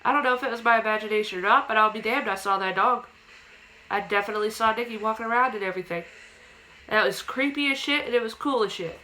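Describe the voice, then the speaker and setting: A woman's voice: fairly high pitch, fast talker, sharp tone, a little hiss or hum, low-quality recording. A young woman vlogger casually telling a personal ghost story to camera, acting out quotes in a raised childlike voice.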